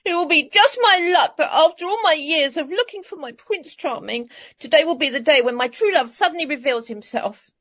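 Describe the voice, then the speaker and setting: A woman's voice: sits high, expressive, moderate pace, a bit bright. A woman playing a fussy, vain princess past her prime in an amateur radio play, prissy and complaining. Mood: self-pitying. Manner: prissy, grumbling, posh. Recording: slightly muffled radio play recording.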